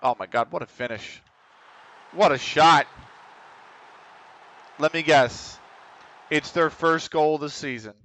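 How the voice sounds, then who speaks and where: Excitable male streamer, bright voice. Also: fairly high pitch, slow, long pauses. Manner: excitable, swears, talks to players on screen. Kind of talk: live reactive commentary over a football management game.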